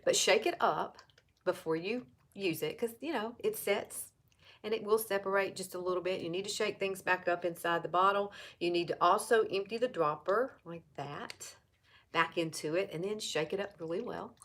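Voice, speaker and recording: This Alabama woman in her fifties sells makeup and vlogs, and here she walks viewers through a casual tutorial, addressing them directly and saying things more than once. She speaks at a moderate pace in a medium-pitched voice with a fairly bright tone.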